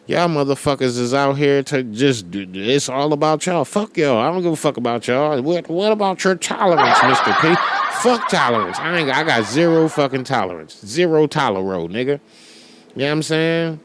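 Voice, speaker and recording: A male podcast host rants in a profane, casual way, laughing often between his swears. His voice sits at an ordinary middle pitch. Heavy background noise hums underneath him the whole time. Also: animated, normal speed.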